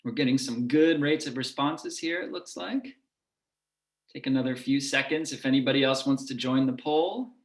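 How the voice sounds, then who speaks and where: A man with a lower Midwest American accent giving an online lecture and demonstrating vowel sounds as he explains. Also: normal speed, echoey room. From United States.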